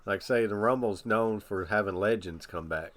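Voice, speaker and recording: A man chats through a live watch-along in a low, relaxed voice. He rambles casually, circling back with loose filler phrases. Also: moderate pace. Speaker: live stream reaction host. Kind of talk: casual reaction commentary.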